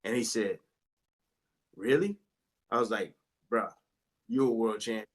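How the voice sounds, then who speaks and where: A man in an interview, retelling boxing stories in a casual, animated way and acting out what others said. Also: lowish voice, measured pace, low-quality recording. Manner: animated, acts out quotes with voice jumps. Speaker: interview guest, retired boxer.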